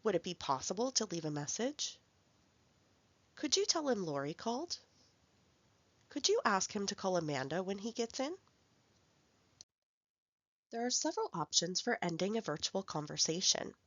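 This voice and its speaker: A woman narrating a recorded language workshop, speaking clearly and carefully as she reads out example phrases. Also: medium pitch, big pitch swings, moderate pace, long pauses, no room sound, muffled recording. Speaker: language support instructor.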